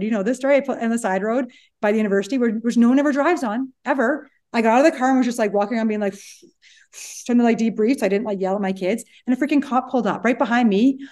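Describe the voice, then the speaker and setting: A woman in her forties, a psychologist co-hosting a chat podcast, telling stories quickly and acting out what people said. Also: fairly high pitch. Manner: quick animated storytelling, acts out quotes. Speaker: podcast co-host, relationship psychologist. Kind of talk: casual chat.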